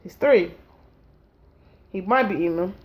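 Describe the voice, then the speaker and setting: A woman vlogger and mother telling a rambling comic story at home during her child's naptime. She is animated and acts out scenes with silly voices and sound effects. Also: medium pitch, a little slow.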